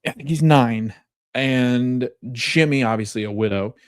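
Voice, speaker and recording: Recorded dry with studio quality, a podcast host with a medium-pitched, clear, resonant voice retells a TV episode at a measured pace. He rambles casually, often corrects himself, and chuckles while going over scenes.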